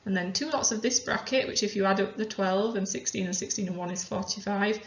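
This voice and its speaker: A woman chemistry teacher calmly talking through worked examples step by step. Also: mid-range voice, brisk, few pauses. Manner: methodical, talks through each step aloud. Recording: roomy, dull lo-fi sound.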